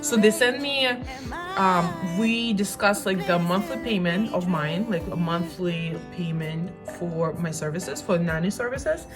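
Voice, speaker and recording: A woman's voice: lowish voice, a little slow. Rambling young woman vlogger over music. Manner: chatty, rambling, self-mocking. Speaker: beauty vlogger. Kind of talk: casual storytelling while doing makeup.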